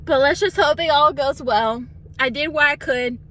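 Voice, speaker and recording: Excited craft-shop lady vlogging from her car, high bright voice, choked up with happy tears. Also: normal speed. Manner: emotional, near tears, excited. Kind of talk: casual vlog chat.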